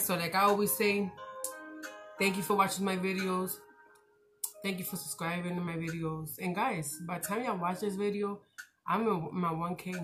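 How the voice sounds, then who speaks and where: Rambling, excitable woman vlogger. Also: on the low side. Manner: rambling, talkative, animated and excitable; slangy, direct, says "y'all" and "your girl". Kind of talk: casual chat to camera.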